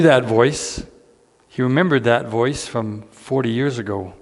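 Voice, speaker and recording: A man preaching a sermon as pastor, earnest and unhurried, repeating key lines with dramatic pauses. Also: mid-range voice, darkish tone. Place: church sanctuary. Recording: church hall reverb.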